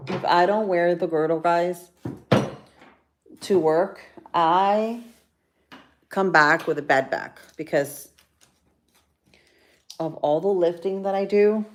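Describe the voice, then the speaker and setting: Slow, chatty woman livestreaming. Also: on the low side, slight background noise. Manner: chatty, reads viewer comments aloud. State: chilled from the cold. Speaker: livestream vlogger. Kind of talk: casual livestream chat.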